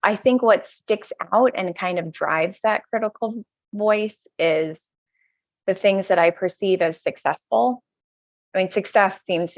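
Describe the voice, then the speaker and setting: A woman with a low, gravelly voice talks through her thoughts haltingly, often circling back and restarting. The audio is dry and a bit dull, with the top end muffled. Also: dry recording. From United States. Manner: hesitant, self-searching, frequent restarts. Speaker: podcast guest. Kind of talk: reflective conversational interview.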